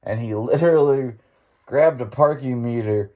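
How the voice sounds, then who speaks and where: A man's voice: mid-range voice, moderate pace, warm tone, muffled recording. A man hosting a podcast, telling a story in an impromptu monologue, rambling along and laughing as he goes. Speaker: podcast host.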